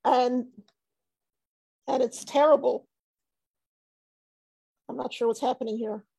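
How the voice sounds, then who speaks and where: Woman academic speaker, slow, gravelly and husky, hesitant; video call audio, dry. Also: on the high side, steady tone, mellow, no echo. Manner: hesitant, many fillers and restarts. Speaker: academic panelist. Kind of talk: academic talk over screen share.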